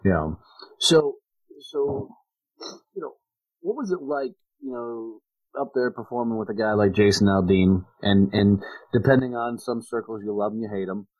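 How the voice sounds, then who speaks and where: A man with a fairly low voice hosts a relaxed podcast interview. He asks his questions in a casual, chatty way. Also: moderate pace, phone-quality sound. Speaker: podcast host.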